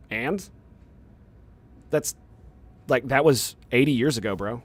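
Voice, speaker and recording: A man's voice: medium pitch, takes it slowly. A young man streaming a game, arguing heatedly with his chat, swearing and firing off rhetorical questions. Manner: heated, profane ranting at chat; argumentative, fires rhetorical questions. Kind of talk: casual live-stream chat.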